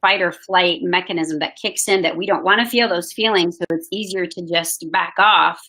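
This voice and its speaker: A woman's voice: on the low side, fairly even intonation, normal speed, rough recording. A woman pastor in a casual church update chat, speaking in an earnest, heartfelt way. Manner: earnest, soft-spoken and heartfelt. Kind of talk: casual conversation.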